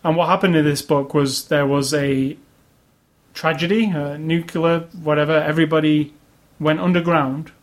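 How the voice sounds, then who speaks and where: A man's voice: fairly high pitch, fairly even intonation, normal speed. A man casually chatting about video games as a podcast co-host, opinionated and rambling. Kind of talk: casual chat.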